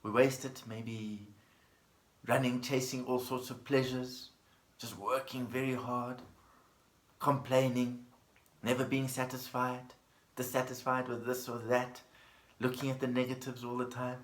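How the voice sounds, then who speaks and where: A man teaching a dharma talk as a Buddhist teacher, speaking gently in a storytelling manner and repeating plain phrases. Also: medium pitch, little pitch movement, unhurried. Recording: echoey room.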